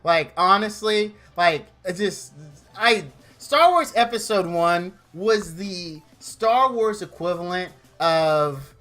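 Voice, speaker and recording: A man's voice: high-pitched, animated, takes it slowly, fairly bright tone. A man streaming a comedic rant, exasperated and mocking, who acts out made-up quotes in goofy voices.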